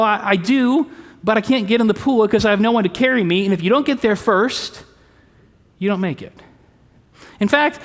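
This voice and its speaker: Pastor, male, fairly high voice, easy conversational preaching, long sanctuary reverb. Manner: conversational preaching with rhetorical questions. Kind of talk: sermon. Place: church sanctuary.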